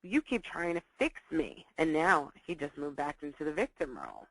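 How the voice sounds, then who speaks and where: A woman teaches parents about children's behavior in a recorded talk, and the sound is close and dry. She stresses key points by repeating them and slips into lively voices to act out scenes between parent and child. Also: low voice, moderate pace, vocal fry, husky, no room sound, poor audio. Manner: acts out dialogues in lively voices.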